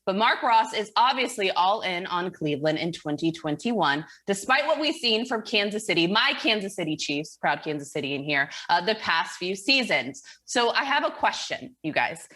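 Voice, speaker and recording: A woman's voice: medium pitch, very animated, normal speed, few pauses, sharp tone. A woman hosting a live morning sports talk show, chatty and upbeat as she leads the segment from a studio.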